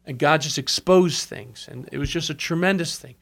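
A man's voice: fairly high pitch, normal speed, creaky, a bit bright. A man telling revival stories in conversation, earnest, with asides and quoted speech. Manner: earnest storyteller, quotes others, brief asides. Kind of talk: storytelling in conversation.

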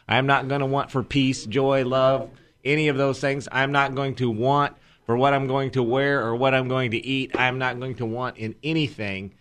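A male pastor preaches on a faith broadcast, his voice sitting mid-range as he repeats and builds his points with growing emphasis. Faint music plays underneath. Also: mid-range voice. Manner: emphatic, building excitement, acts out groggy morning grumbles. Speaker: pastor, co-host.

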